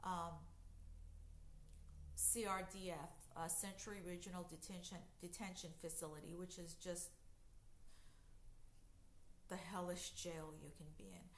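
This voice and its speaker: A woman's voice: on the low side, steady tone, a little slow, pauses often, a little hiss or hum. A woman telling her own story in a casual storytime vlog, conversational with many fillers and emphatic bursts. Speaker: vlogger recounting jail experiences. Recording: echoey room.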